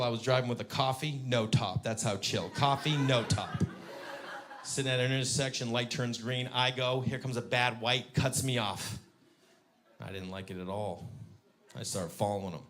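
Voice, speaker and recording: A man doing a stand-up comedy set, telling a story in a dry, deadpan way that breaks into sudden shouting. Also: mid-range voice. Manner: deadpan, then shouting bursts. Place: comedy stage.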